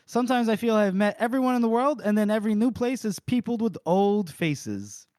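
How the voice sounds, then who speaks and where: A man voicing a smooth, formal mercenary captain in a podcast recap, with slow and courteous delivery. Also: sits high, animated, a little mellow, no room sound, clean studio sound, pitched above the performer's own voice. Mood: polite. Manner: measured and courteous.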